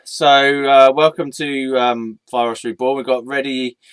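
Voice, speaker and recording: A man hosting his own vlog, talking hesitantly with many pauses and fillers. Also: medium pitch, fairly even intonation, fairly bright tone, clean tone, dry recording. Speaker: vlogger. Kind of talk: casual comedic storytelling.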